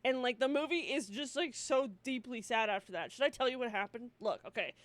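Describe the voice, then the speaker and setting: Young woman podcast co-host, lively storyteller, fairly high voice, dry close mic. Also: a little fast, dry recording. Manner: animated storytelling, frequent swearing and laughter. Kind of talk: casual chat.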